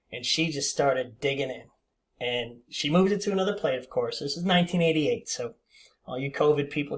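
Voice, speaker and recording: A man in his fifties telling a casual, rambling story with many fillers and restarts. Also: mid-range voice. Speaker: vlogger.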